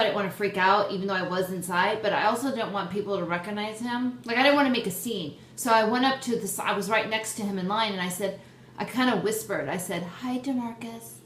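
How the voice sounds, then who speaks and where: A young woman hosting her own vlog, chatting excitedly and poking fun at herself. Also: medium pitch, quick pace. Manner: excitable, chatty, self-deprecating. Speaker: host. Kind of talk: casual vlog chat. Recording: roomy echo, faint background noise.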